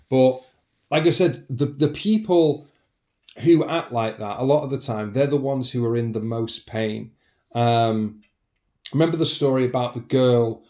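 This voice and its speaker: A man's voice: mid-range voice, darkish tone. A man talking in a casual, reflective monologue as a podcast host, earnest and rambling, often restarting and saying "you know".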